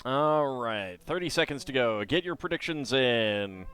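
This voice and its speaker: A man's voice: medium pitch, lively intonation, measured pace, fairly bright tone, clean tone, soft background music. A man streaming live, thinking aloud in hesitant, rambling commentary.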